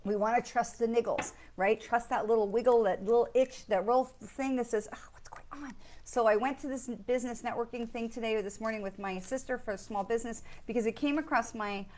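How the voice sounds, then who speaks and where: A woman's voice: on the high side, fairly even intonation, fairly quick, few pauses, a little mellow, slight background noise. A middle-aged woman, a psychic medium, talking casually and enthusiastically to her listeners and often checking in with them. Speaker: psychic medium hosting a weekly live. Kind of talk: casual spiritual talk with card readings.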